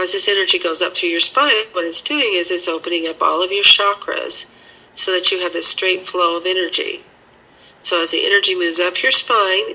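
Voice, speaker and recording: A woman teaching a healing method and leading a slow, soothing guided meditation. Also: lowish voice, sharp tone, husky, low-quality recording. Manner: slow, soothing guiding instructions.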